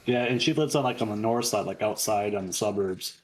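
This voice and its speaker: A man from Minnesota with a fairly low voice speaks plainly in a casual chat. He laughs easily and swears now and then. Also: fairly quick, a little hiss or hum.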